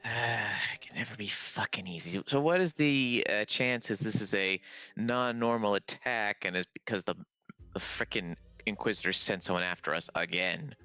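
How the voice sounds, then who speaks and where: Man, tabletop player, casual, swears, lowish pitch, bright tone. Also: moderate pace, no echo. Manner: exasperated, swears. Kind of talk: casual tabletop game chat.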